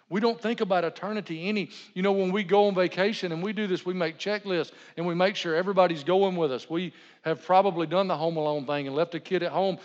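Folksy pastor in a reverberant hall. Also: male voice, a little high. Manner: folksy, conversational, playful asides. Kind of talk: sermon with humorous anecdotes. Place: church sanctuary. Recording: long hall reverb, dull lo-fi sound.

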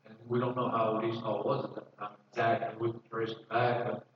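A man's voice: medium pitch, completely flat delivery, a little fast, a little hiss or hum. A man preaching a sermon as pastor, reading scripture aloud and explaining it in a conversational way, often repeating words as he goes. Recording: distant mic with roomy echo, dull sound.

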